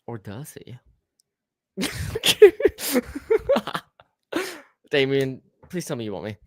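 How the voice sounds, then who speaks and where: A man's voice: medium pitch, brisk, no echo, clean studio sound. A man hosting a podcast, chatting casually with a stutter, lots of swearing and easy laughter. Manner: stuttering, profane, laughs easily. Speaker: podcast host.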